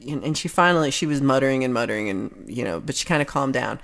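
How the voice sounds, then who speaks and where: A woman's voice: extremely low pitch, fast talker, few pauses. A woman hosting a livestream, telling a long story in a casual, rambling way with many restarts. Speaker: livestream host.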